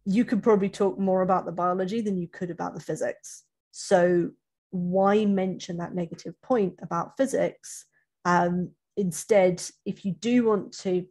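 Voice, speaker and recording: A woman's voice: lowish voice, fairly even intonation, moderate pace, darkish tone, breathy edge. A woman who coaches children for interviews, talking casually on a webinar and often restarting her sentences. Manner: chatty, self-correcting, many restarts.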